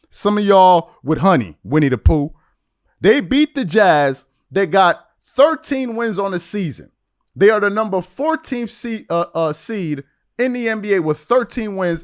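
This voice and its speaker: Man, sports podcast host, heated rant, mocking, high lively voice. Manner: mocking, animated, trash-talking.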